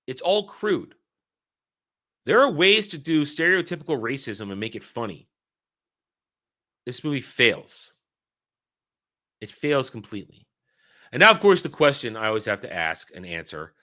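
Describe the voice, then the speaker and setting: A man's voice: mid-range voice, bright, forceful tone. A man giving a blunt, exasperated film review, swearing freely and repeating himself for emphasis.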